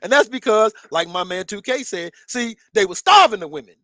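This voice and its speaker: An excitable man with a high voice, co-hosting a boxing chat. He laughs often and trips over names with fillers, recorded close and dry. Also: fairly quick, no echo. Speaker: co-host.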